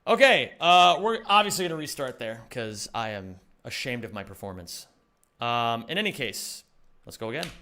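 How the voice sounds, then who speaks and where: A man live-streaming, joking and bantering with his viewers in casual chat, swearing freely and answering them quickly. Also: medium pitch, very animated, bright, forceful tone. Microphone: streaming microphone.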